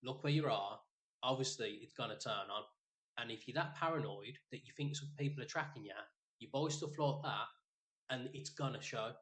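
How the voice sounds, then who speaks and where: A man's voice: mid-range voice, normal speed. A man, co-hosting a podcast and telling a rambling, sweary story in casual chat. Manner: rambling, sweary, animated retelling. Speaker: podcast co-host.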